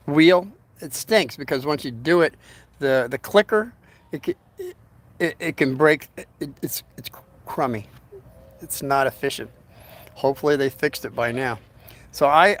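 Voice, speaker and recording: A man telling a long anecdote in a casual, rambling way, with many restarts and fillers. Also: on the high side. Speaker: storyteller.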